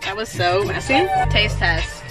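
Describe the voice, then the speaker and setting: A woman's voice: medium pitch, expressive, unhurried, loud music behind the voice, rough recording. A young woman talking candidly to her phone camera inside her car, swearing freely and filling her talk with "like". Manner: candid, frank, swears often, many "like" fillers. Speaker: vlogger. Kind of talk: casual vlog talk to camera. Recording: car and road noise behind.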